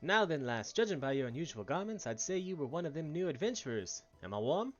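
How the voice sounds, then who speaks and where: A man's voice: a little high, very animated, fast talker, lo-fi sound, faint music behind. A man voicing a chatty, folksy male merchant aboard a ship, reading game dialogue with a wobbly attempt at an Irish accent. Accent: attempted Irish, drifting. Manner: folksy, slangy, wavering accent.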